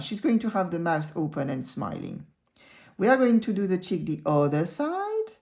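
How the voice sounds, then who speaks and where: A woman's voice: on the low side, dark tone. A woman teaching cartoon drawing in a casual tutorial, chatting the viewer through each stroke.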